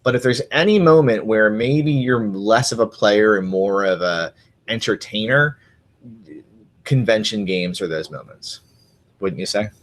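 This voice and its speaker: A man's voice: on the low side, measured pace. A man co-hosting a tabletop gaming podcast, rambling and teasing in casual chat. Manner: rambling, teasing, with frequent restarts. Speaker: podcast co-host and convention game master.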